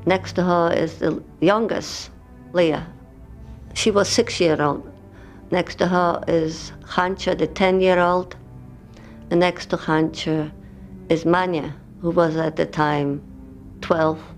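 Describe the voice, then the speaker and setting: Older woman, halting testimony. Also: lowish voice, fairly even intonation, soft background music. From Poland. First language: Yiddish. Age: 70s. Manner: halting, emotional storytelling with broken English. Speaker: interviewee. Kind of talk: personal testimony.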